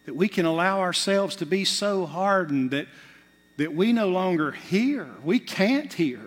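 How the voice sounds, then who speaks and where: Impassioned preacher in a reverberant hall. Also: male voice, sits high, animated, measured pace. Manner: impassioned, swinging from loud bursts to hushed asides. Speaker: pastor. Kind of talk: sermon. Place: church sanctuary. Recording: long reverb of a large hall.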